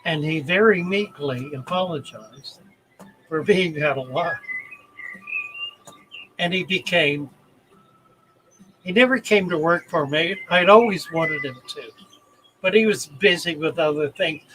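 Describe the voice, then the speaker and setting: Slow, bright-voiced older man telling stories. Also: on the high side, slight background noise, rough recording. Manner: deliberate, emphatic retelling with heartfelt pauses. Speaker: channel host. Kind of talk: storytelling anecdote.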